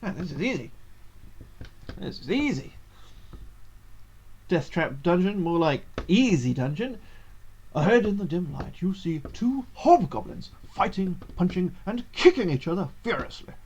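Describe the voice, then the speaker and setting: A man's voice: high-pitched, very animated, moderate pace, darkish tone, muffled recording, slight background noise. Chatty man reading game text. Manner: chatty, thinks aloud, reads game text in a narrator's tone. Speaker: gaming streamer.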